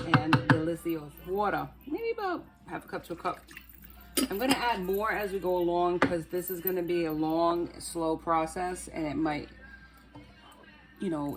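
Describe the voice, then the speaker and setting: A woman hosting her own cooking channel, chatting playfully to viewers as she cooks. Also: fairly low pitch. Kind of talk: casual cooking demo to camera.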